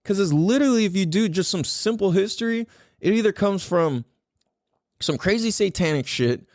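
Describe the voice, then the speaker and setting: A man's voice: sits high, lively intonation, moderate pace, no room sound, clean studio sound. A man from the United States hosting a podcast, musing aloud in a casual monologue and swearing freely. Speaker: podcast host.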